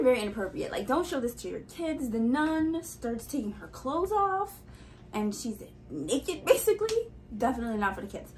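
Chatty woman doing a reaction vid, kinda high voice, rambly and thinking out loud. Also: a little hiss or hum, low-quality recording. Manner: chatty, rambling, thinks aloud with many asides. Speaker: music reaction vlogger. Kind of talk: casual reaction commentary.

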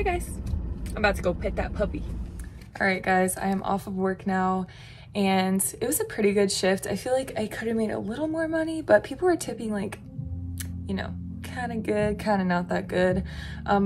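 A woman, chatting casually and rambling to her viewers as a vlogger. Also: medium pitch. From Texas. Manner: rambling, chatty, heavy use of "like". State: groggy morning voice. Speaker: vlogger, restaurant server. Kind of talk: casual vlog chat. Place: inside her car. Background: car and road noise.

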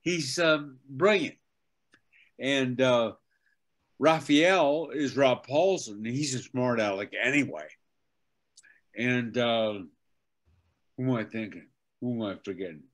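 An older man, a veteran voice actor and teacher, telling animated anecdotes as an interview guest. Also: medium pitch, takes it slowly, pauses often. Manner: animated anecdotes, acts out quotes. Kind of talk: casual interview storytelling.

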